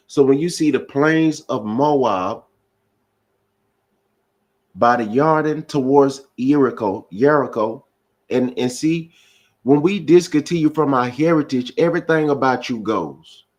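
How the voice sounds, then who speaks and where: A man preaching to a live-stream audience, repeating his phrases and building to emphatic bursts. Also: medium pitch.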